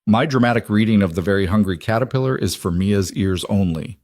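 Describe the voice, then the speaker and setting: A wry single father, teasing one moment and protective the next, played by a man narrating. The voice is fairly low and sounds close and dry. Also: fairly quick, a little mellow, no room sound, lightly acted. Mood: playful.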